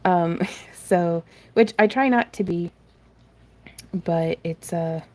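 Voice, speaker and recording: In her craft room, a woman hosts a live crafting tutorial stream, speaking slowly in a lowish, slightly mellow voice. She rambles, pokes fun at herself, laughs often and reads viewer comments aloud.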